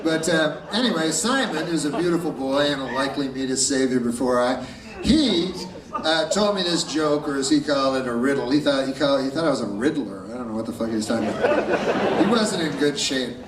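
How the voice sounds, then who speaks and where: Deadpan, halting male stand-up comic. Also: mid-range voice, background noise. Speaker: stand-up comedian. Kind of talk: stand-up set. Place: live comedy stage. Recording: echoey live room, distant mic, loud crowd.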